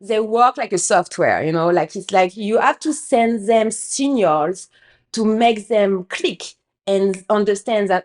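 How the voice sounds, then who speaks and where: A woman's voice: medium pitch, a little slow. A French-accented woman from France, hosting a podcast and telling business stories with a candid, emphatic manner. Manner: candid, emphatic, swears freely, acts out quotes. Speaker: podcast host. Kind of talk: casual business storytelling.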